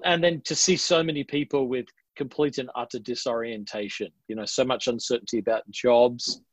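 A man's voice: medium pitch, fairly even intonation, normal speed. A man with an Adelaide Australian accent, a pastor talking earnestly and casually in a podcast interview. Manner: earnest, reflective, casual with slang.

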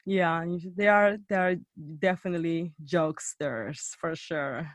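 A woman telling a story in casual chat, animated, acting out quotes and saying "like" a lot. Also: measured pace, dry recording. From Bay Area. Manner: animated, acts out quotes in a high voice, lots of "like".

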